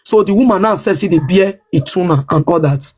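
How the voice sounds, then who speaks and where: Ranting defiantly during her livestream, this Nigerian Pidgin English–accented woman hammers the same points over and over. She talks fairly fast in a lowish, husky voice with a darkish tone.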